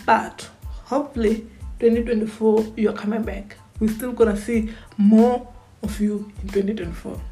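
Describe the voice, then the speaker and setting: A woman's voice: on the high side, flat delivery, moderate pace, dark tone, faint music behind, poor audio. A woman giving casual fan commentary on a vlog, chatty, repeating words as she talks things over. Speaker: Formula One fan vlogger.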